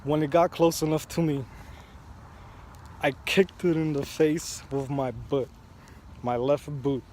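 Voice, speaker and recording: A man telling a personal story in a slow, reflective vlog, recorded outdoors near a street. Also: a little high, fairly even intonation, darkish tone, slight background noise. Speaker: vlogger.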